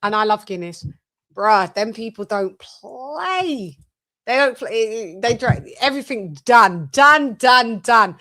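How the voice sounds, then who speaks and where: A woman hosting a casual chat show, telling lively, animated stories and swearing freely. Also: mid-range voice, slow. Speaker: host.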